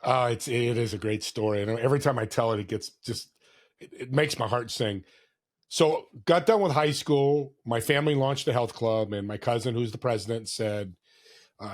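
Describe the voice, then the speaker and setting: A man's voice: mid-range voice, normal speed. A man in his sixties, a podcast guest, telling stories in an earnest, heartfelt way, now and then acting out other people's lines. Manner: warm, earnest storyteller who acts out quoted voices. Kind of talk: casual storytelling interview.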